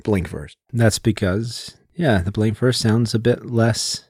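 A man's voice: lowish voice, takes it slowly, darkish tone, slightly rough, no echo. A man co-hosting a podcast, explaining things at length in a casual, lecturing way with plenty of fillers. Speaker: podcast co-host. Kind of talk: casual literary discussion.

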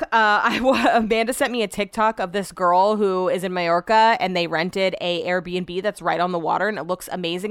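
A woman's voice: medium pitch, a bit bright, clear, resonant tone, no echo. A woman hosting a solo podcast, chatting casually in a rambling way, swearing freely and trailing off mid-sentence. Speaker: podcast host. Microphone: podcast microphone.

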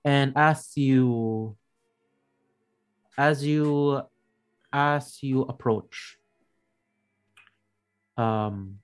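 A man narrating a tabletop game as game master, halting and restarting as he describes the scene. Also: mid-range voice, smooth.

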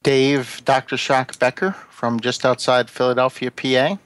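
A man co-hosting a podcast in casual chat, low-key with brief replies. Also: level tone, moderate pace, fairly bright tone, smooth, no echo. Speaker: podcast co-host.

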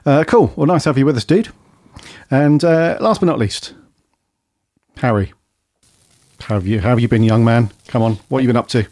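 Mellow-voiced podcast host. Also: male voice, mid-range voice, normal speed, long pauses, no room sound, studio quality. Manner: chatty, upbeat British slang. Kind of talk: casual podcast chat.

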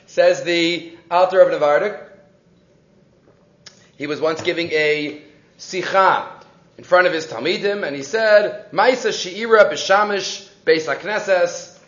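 Animated high-voiced man teaching Torah. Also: slow pace, echoey room, highs cut off. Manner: animated storytelling, mixing Hebrew and English, frequent restarts. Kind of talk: weekly Torah class.

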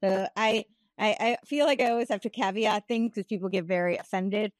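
Female guest, mid pitch, dry sound, careful and hedging. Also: a little fast, no echo. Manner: careful, hedging, with small laughs. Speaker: guest commentator. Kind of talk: casual discussion.

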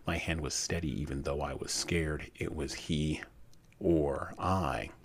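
A man reading a war memoir aloud in a measured way with dramatic pauses, then commenting on it. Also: very deep voice, vocal fry, slightly rough. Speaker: reader and commentator.

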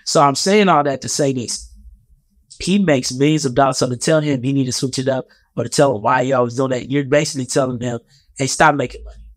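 A man's voice: medium pitch, fast, no room sound, studio quality. A man giving a heated, profane, rambling commentary rant in a casual vlog.

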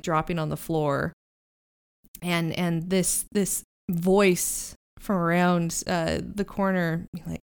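A woman narrating as game master in a tabletop game, improvising with halting restarts. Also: fairly low pitch, darkish tone, clean tone.

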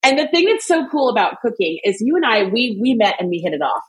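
Bubbly chatty woman, fairly high voice. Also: sing-song, low-quality recording. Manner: bubbly storyteller, quick asides, frequent laughs. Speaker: cooking guest. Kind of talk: casual chat.

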